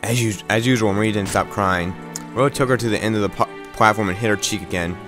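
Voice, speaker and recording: A man's voice: lowish voice, quick pace, music in the background. A man reading a visual novel aloud, stumbling and restarting words, with wry asides.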